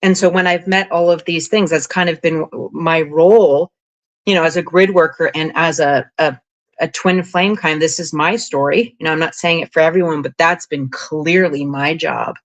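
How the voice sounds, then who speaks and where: A woman's voice: sits low, normal speed. Rambling woman guest telling spiritual stories. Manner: rambling, animated, frequent 'like' and 'you know'. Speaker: podcast guest, spiritual guide. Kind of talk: casual interview storytelling.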